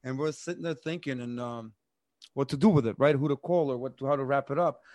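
A man with a Russian accent talking in loose, profane podcast chat. He keeps checking in with his listener by tagging "right?" onto his sentences. His voice sits at a middle pitch and is recorded dry and close. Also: a little fast, darkish tone, no room sound. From Eastern Europe. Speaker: podcast co-host and rapper.

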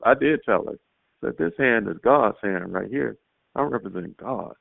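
Male caller, animated testimony storyteller; low, raspy, over a phone line. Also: normal speed, dry recording. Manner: animated storytelling, acts out his own quotes. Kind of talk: casual spoken testimony. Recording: tinny phone line, dry.

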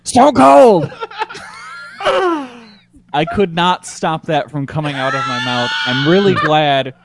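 A man's voice: a little high, moderate pace, raised voice, very noisy. A man co-hosting a podcast in casual chat, crude and easily fired up. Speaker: podcast co-host.

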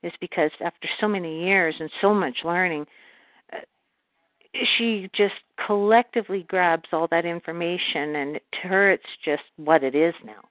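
Woman from Canada, low-pitched guest. Calm channeled talk, speaks of herself in the third person. Phone-line sound. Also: moderate pace, dry recording. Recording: phone-like call audio.

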